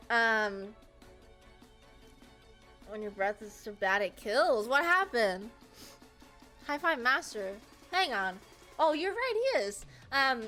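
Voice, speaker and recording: A woman's voice: high voice, pushed and bright. A young woman casually retelling a book's plot to friends, rambling and swearing, with lots of "um" and "like" and frequent laughs. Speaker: presenter. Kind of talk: casual comedic plot summary.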